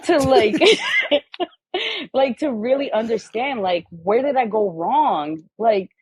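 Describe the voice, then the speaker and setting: A woman's voice: a little high, animated, slow pace, darkish tone, slightly rough, no room sound, rough recording. A woman guest on a podcast in casual conversation, telling stories animatedly and acting out the voices of the people in them.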